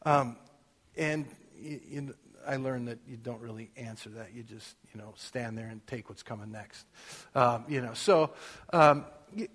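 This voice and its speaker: A middle-aged man preaching a sermon in an everyday conversational way, getting louder and more emphatic when he reads scripture. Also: mid-range voice, unhurried. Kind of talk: casual sermon. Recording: long reverb of a hall.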